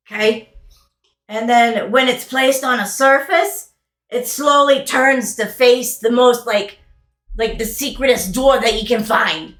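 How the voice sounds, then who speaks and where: A woman's voice: medium pitch, a little slow, fairly bright tone. A woman narrating as game master in a loose, rambling, casual storytelling manner with some swearing, recorded in an echoey room.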